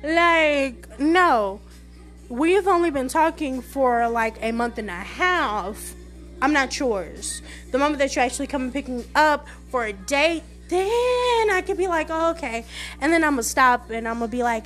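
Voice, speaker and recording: A young woman telling a story in a casual podcast monologue, animated and sassy, with lots of fillers. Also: high voice, measured pace, soft background music. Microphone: phone voice message.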